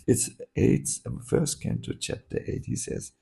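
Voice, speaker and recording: A man, a monk, telling a story while teaching a scripture class, halting with many fillers and restarts. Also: mid-range voice, fairly even intonation, gravelly, dark tone.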